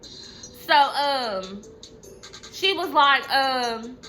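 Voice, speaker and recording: A young woman telling a storytime vlog in a blunt, profane, animated way. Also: high-pitched, extremely slow, soft background music. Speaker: vlogger.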